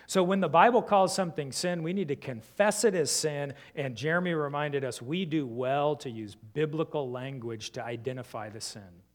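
A man preaching a sermon, questioning his listeners and swinging between emphatic rises and soft, low drops. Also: moderate pace, few pauses. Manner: asks the congregation many rhetorical questions.

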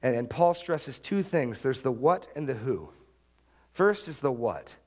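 A middle-aged male pastor preaching an expository sermon, emphatic and repetitive, with sharp upward jumps when he stresses a point. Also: medium pitch, very animated, measured pace. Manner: emphatic, repeats key phrases, rises sharply for stress.

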